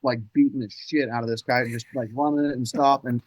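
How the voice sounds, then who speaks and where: A man guesting on a podcast, telling hunting stories in an animated, excitable way with casual cursing. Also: medium pitch, quick pace, no echo, rough recording. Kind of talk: casual storytelling chat.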